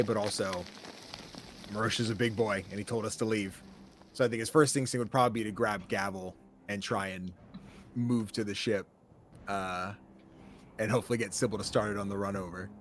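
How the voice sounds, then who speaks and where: A man playing in a tabletop game, talking casually and jokingly, with quiet asides and loud outbursts. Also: fairly low pitch, fairly even intonation, a little fast, long pauses, slight background noise. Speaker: player.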